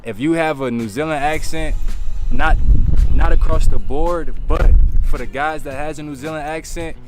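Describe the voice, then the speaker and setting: A man's voice: on the high side, normal speed, music in the background. A man vlogging outdoors in the wind, talking in a laid-back, slangy way and tossing in "bro" and "man". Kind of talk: casual talking-to-camera vlog. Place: outdoors, windy.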